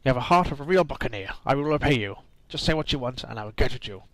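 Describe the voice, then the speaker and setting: A man's voice: medium pitch, animated, fast talker, a bit bright, no echo, close to an everyday voice, poor audio. A man reading a game's dialogue aloud, voicing a boastful, rum-loving old male pirate with growled "arr"s. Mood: blustering pirate.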